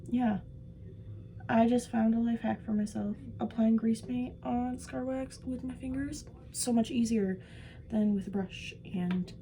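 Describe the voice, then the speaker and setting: Young woman, self-mocking makeup vlog chatter, unhurried, faint room hiss. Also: a little high, low-quality recording. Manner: chatty, self-mocking, drifts into soft mumbles. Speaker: vlogger doing special effects makeup. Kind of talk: rambling casual chat while doing makeup.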